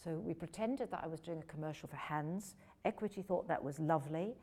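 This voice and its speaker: An older woman from England, speaking in a slightly low voice, recounts her early career at a Q&A. She is a lively raconteur who pokes fun at herself. Her delivery is relaxed and conversational. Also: brisk, slightly rough. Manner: self-deprecating, lively raconteur. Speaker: actress guest at a film Q&A. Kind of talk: anecdotal Q&A storytelling.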